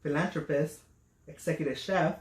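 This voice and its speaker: A man's voice: a little high, steady tone, moderate pace. Male co-host, casual and teasing, jokes dryly, recorded in a reverberant room. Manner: dry teasing jokes between short backchannels. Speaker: podcast co-host. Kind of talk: casual chat. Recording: echoey room.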